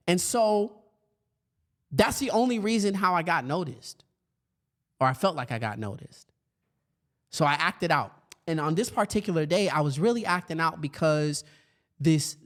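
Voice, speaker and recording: A man in his thirties giving a storytelling talk to educators, acting out his younger self with a raised, lively voice. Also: fairly high pitch. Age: 30s. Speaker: speaker for educators.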